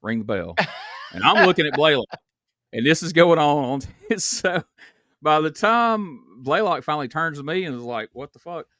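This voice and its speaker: A podcast host, chatting casually and telling stories with laughs. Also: male voice, fairly high pitch, lively intonation, normal speed, fairly bright tone, no echo, studio quality. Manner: storytelling, laughs, swears casually. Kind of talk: casual chat.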